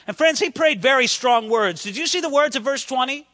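High, bright-voiced preaching man. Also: lively intonation, fairly quick, few pauses. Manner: impassioned preaching, acts out biblical prayers. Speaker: pastor. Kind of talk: sermon. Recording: long hall reverb.

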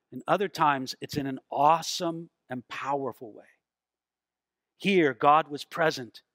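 Male pastor, high voice, dry close sound, lively sermon delivery with acted quotes. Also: dry recording. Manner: animated preaching with acted quotes, dramatic slowdowns.

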